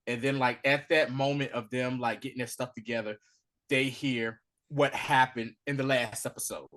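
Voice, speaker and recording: A man co-hosting a podcast, giving a casual, animated recap of a TV episode and acting out the characters' lines. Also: mid-range voice, moderate pace. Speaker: podcast co-host.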